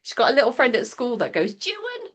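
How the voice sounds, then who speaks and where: A woman who is a mother, co-hosting a casual podcast chat over a video call. She laughs often and turns animated when she mimics her children. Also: fairly high pitch, fast talker, slight background noise. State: sore teeth from new retainers.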